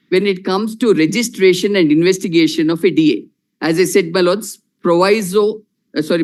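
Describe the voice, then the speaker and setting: A man with an Indian English accent arguing a case before judges, measured and formal, repeating "my lords" again and again. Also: fairly high pitch. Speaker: lawyer arguing in court. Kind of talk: formal courtroom argument.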